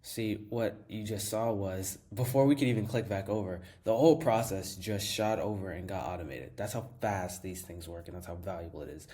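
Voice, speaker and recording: A man's voice: deep voice, moderate pace, hardly any pauses, mellow. A man giving a casual, enthusiastic screen-share tutorial, often saying "like" and repeating phrases as he explains. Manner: enthusiastic, fills with "like" and repeats himself. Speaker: tutorial host.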